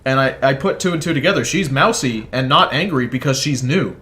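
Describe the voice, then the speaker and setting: A man's voice: medium pitch, brisk, bright, forceful tone. Rambling, profane man telling a story while gaming. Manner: rambling, profane, self-interrupting. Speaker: gaming video creator. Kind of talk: casual storytelling over gameplay.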